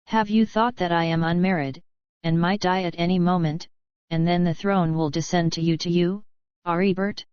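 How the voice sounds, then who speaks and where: A woman's voice: on the low side, steady tone, normal speed, darkish tone, smooth, dry recording, dull audio, close to an everyday voice. A woman reading the lines of a moody young male prince in an audiobook, careless and brooding in manner. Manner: careless, cross, fearful.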